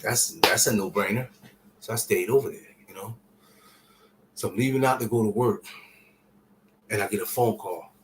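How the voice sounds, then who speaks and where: Low-voiced man telling a raw personal story. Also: normal speed, long pauses, noisy background. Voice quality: casual, profane street-style speech. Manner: drops to near-whispers and rises to shouts while retelling. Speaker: vlogger sharing a personal story. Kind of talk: emotional personal storytelling to camera.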